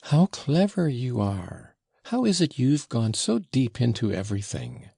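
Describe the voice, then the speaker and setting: Audiobook: man doing an admiring, coaxing young woman, gravelly husky read. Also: medium pitch, very animated, unhurried, warm tone, no room sound, clean studio sound, voice pushed up, exaggerated voice. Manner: insinuating, coaxing. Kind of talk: audiobook reading.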